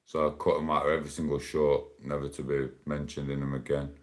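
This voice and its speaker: A man's voice: extremely low pitch, level tone, fast talker. A man chatting casually and rambling on a morning live stream, laughing often. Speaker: livestreamer.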